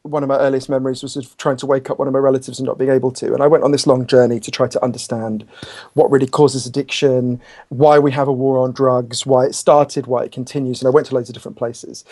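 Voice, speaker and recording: A man, a guest author in a podcast interview, telling stories in a quick, chatty, animated way with self-deprecating asides. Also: medium pitch. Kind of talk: conversational interview storytelling.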